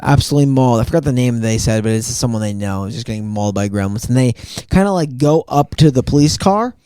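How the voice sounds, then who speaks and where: Fast-talking, lively man chatting. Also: mid-range voice, clear, resonant tone, no echo. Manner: quick interjecting banter. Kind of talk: casual movie review chat.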